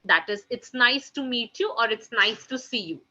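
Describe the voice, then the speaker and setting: Bright-voiced woman teaching French. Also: fairly high pitch, expressive, moderate pace. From India. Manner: keeps addressing the class as "guys", repeats each French phrase twice. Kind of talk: live online class. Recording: lo-fi online class audio.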